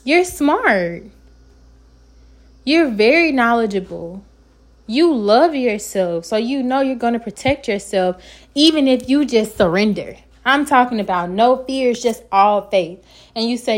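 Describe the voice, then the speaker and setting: A woman hosting her own podcast, giving an earnest, encouraging self-help talk and sometimes stumbling over her words. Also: high voice. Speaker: podcast host.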